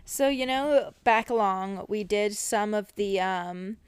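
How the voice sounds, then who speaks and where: A woman's voice: mid-range voice, slow pace, clear, resonant tone, no echo. A woman co-hosting a casual podcast chat, teasing her co-host and laughing often.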